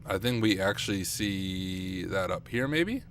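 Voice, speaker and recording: A young man streaming live at night and thinking aloud as he works, chatty and self-deprecating with viewers, his voice getting rough. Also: low voice, animated, a little slow, slight background noise. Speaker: streamer, penetration tester. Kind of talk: casual live-stream talk while working. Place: home computer room at night.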